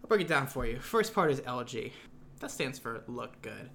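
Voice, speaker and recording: Lively, bright-voiced young man rambling dryly. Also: mid-range voice, normal speed, vocal fry, a little hiss or hum. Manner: dry, rambling, self-mocking explanations. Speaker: podcast co-host. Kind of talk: casual chat.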